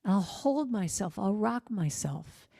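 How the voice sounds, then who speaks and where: Warm, gentle-voiced woman telling heartfelt stories. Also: medium pitch, expressive, slow pace, gravelly, breathy edge. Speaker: singer-songwriter speaker. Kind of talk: inspirational church talk. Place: church.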